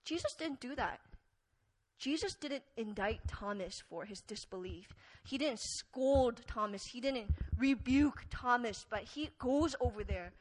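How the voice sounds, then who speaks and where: Telling her story earnestly and conversationally, this woman preacher speaks with a fairly high, animated voice at a measured pace. Her sermon is full of fillers and lurches from loud to soft, captured on poor audio.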